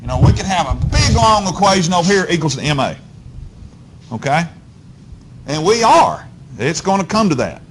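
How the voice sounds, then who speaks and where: Male physics teacher, fairly high and very lively voice, folksy classroom lecture, keeps checking in with the class, faint rumble underneath. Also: normal speed, long pauses. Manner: keeps checking in with "okay?" and "all right?"; folksy, coaxing, talks straight to students.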